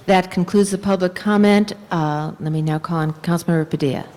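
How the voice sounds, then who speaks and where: A woman's voice: on the low side, steady tone, fairly quick, mellow, big-room sound. A woman presiding over a city council meeting, calling speakers in a matter-of-fact way. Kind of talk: chairing a public meeting.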